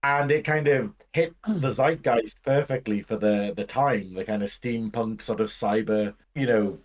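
A man's voice: fairly low pitch, unhurried. A man, a podcast guest chatting casually, joking and drifting into silly tangents.

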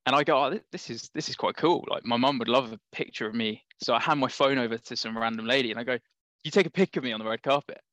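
A man with a London accent tells a lively anecdote as a podcast guest, laughing as he goes. His voice sits at an ordinary pitch. The sound is dry and close. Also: fast talker, no echo. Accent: London English. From England. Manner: animated anecdotal, laughs often. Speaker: startup founder guest. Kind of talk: casual podcast storytelling.

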